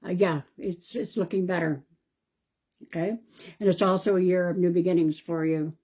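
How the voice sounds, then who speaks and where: A woman, a psychic medium, doing a live-stream card reading in a calm, reassuring way and thinking aloud. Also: on the low side, moderate pace, breathy edge. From Canada.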